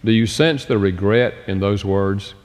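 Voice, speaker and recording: A man giving a sermon-style talk on relationships, expressive and emphatic, slowing down to stress points. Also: on the low side. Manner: expressive, slows down for emphasis and acts out quoted dialogue. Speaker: speaker on relationships. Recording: long reverb of a large hall.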